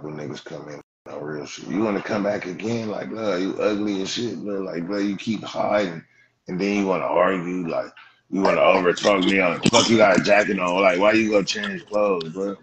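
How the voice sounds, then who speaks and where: A livestream host with a Los Angeles Black English accent roasts callers profanely, saying "blood" over and over. His voice sits low, with fairly even intonation at normal speed. The stream audio is dull and lo-fi, with a noisy background.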